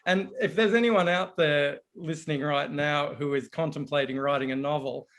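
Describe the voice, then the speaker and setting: A man being interviewed on a video call, chatty and animated in telling stories. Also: on the high side, normal speed. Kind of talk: casual conversation on a video call.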